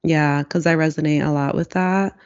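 A person in a reflective casual conversation, speaking slowly and searchingly with many fillers. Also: mid-range voice, steady tone, muffled recording.

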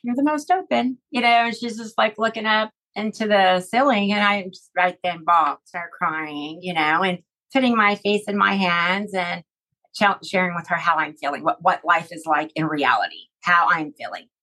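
Emotional middle-aged woman, slightly low voice. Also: sharp tone, rough recording. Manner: halting, emotional retelling with many fillers. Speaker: interview guest. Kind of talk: conversational interview.

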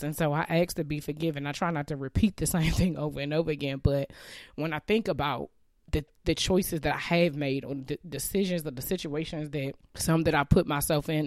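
A woman's voice: deep voice, a little mellow, no room sound, studio quality. Tearful, candid woman podcaster. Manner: candid, emotional, chatty with many fillers. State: teary. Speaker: podcast host. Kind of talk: casual personal faith talk.

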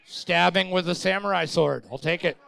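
Male trivia co-host, gravelly, high-pitched, quick crude banter. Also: steady tone, fairly bright tone, no echo. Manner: wisecracking, crude quips. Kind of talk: casual banter.

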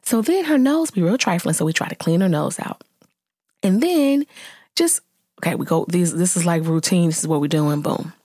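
Woman in her 30s, vlogger mom; low, husky voice, lively and exasperated, dry close mic. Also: normal speed, no echo. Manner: animated, exasperated, swings into high exclamations. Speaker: vlogger, mother. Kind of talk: casual storytelling vent to viewers.

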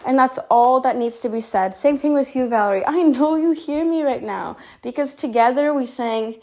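A woman with a high, mellow voice speaks at a normal pace in a rambling, heartfelt voice memo. Upset, she addresses the listener directly as a personal confession, correcting herself along the way.

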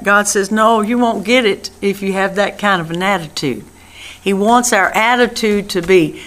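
A woman's voice: mid-range voice, normal speed. Earnest woman preaching in prayerful tones. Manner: earnest, prayerful, repeats phrases, often drops to a soft hush. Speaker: radio minister. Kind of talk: radio sermon.

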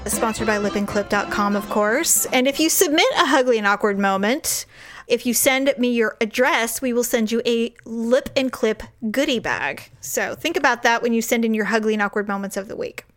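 A woman's voice: on the high side, moderate pace, faint music behind. A woman in her forties co-hosting a podcast, chatting casually with her sister and telling stories with lots of laughter. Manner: animated, laughing storyteller. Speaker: podcast co-host. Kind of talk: casual chat with a sibling.

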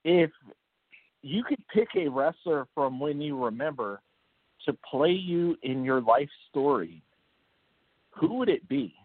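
A man's voice: a little high, animated, slow, long pauses, no room sound, phone-quality sound. A male podcast co-host who asks playful, teasing questions. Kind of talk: casual podcast chat.

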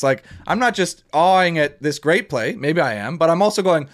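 A man hosting a casual sports chat, ranting in an animated, joking way. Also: on the high side, moderate pace, hardly any pauses. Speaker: podcast host.

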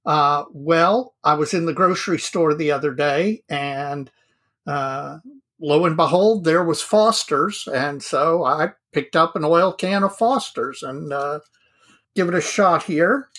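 A man's voice: fairly high pitch, takes it slowly, a bit bright. A man co-hosting a hobby podcast, chatting in an easygoing, self-deprecating way. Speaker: podcast co-host. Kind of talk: casual podcast chat.

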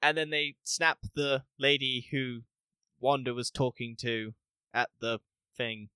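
A man co-hosting a casual podcast review, animated, acting out scenes and laughing often. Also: mid-range voice, takes it slowly, clear, resonant tone, dry recording. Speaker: podcast co-host. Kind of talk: casual spoiler review chat.

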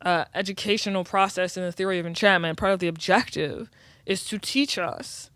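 A woman's voice: fairly low pitch, steady tone, fairly quick, a bit bright, no room sound. A woman guest on a podcast in casual chat, talking in a reflective, long-winded way.

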